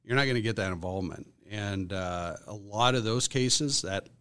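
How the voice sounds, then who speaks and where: A man as a podcast guest, telling a workplace story in a casual, animated way with lots of fillers. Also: lowish voice, moderate pace, clear, resonant tone. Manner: animated storyteller, acts out quotes, many fillers.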